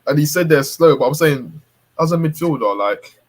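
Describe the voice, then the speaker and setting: A man co-hosting a casual football podcast, relaxed and slangy, often adding "you know what I mean". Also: on the high side, moderate pace. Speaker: podcast co-host.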